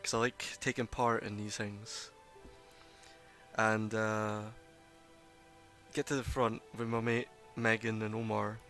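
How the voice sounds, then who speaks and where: A man's voice: on the low side, level tone, slow, long pauses, a bit bright, soft background music. A man who runs a tabletop game, chatting casually during a break and telling a rambling story with plenty of swearing. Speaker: game master.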